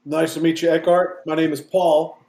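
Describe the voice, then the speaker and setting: A man's voice: fairly high pitch, level tone, moderate pace, mellow, reverberant. A man playing a tabletop game casually, eager and curious. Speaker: player. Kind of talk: casual tabletop role-play.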